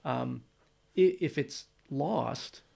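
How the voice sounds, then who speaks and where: A man's voice: mid-range voice, very slow, gravelly, mellow. An American man in casual conversation, thinking aloud in long rambling turns full of restarts.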